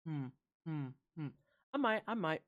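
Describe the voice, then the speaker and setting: A woman streamer reacting to game trailers live, rambling and swearing with animated asides to chat. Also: low voice, measured pace, highs cut off.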